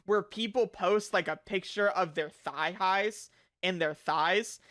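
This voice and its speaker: Young guy streamer, bright sharp voice, swearing and yelling through a rant. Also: high-pitched, slow. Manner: loud, profane, frequently shouting. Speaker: streamer reacting to a video. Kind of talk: ranting reaction commentary.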